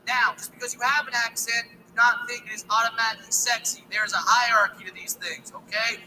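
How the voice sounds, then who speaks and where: A man doing stand-up comedy, telling an animated story full of acted-out voices. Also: very high voice, a little fast, slight background noise, poor audio.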